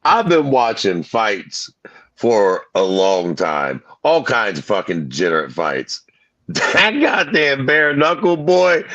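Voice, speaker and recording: A man's voice: a little high, no room sound. A man co-hosting a casual podcast, telling stories with a lot of swearing and fillers. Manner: profane, lively storytelling with lots of fillers. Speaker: podcast co-host. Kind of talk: casual chat. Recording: dry, muffled mic.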